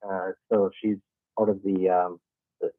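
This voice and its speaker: A man's voice: sits low, little pitch movement, a little slow, dry recording. A man calling into a radio interview as a guest, an animation creator who talks enthusiastically and rambles, laughing often. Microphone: phone call. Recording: tinny phone line.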